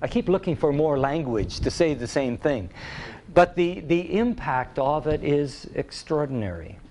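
A man preaching a sermon in a deliberate, emphatic way, repeating key phrases for weight. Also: a little high, animated, a little mellow.

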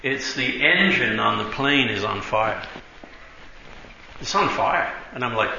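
A man's voice: mid-range voice, animated, measured pace, creaky, crowd noise. A man preaching a sermon, telling stories in a loose conversational way, often adding "you know" and "right", and sometimes laughing as he speaks. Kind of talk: sermon storytelling. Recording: roomy, dull, faint noise.

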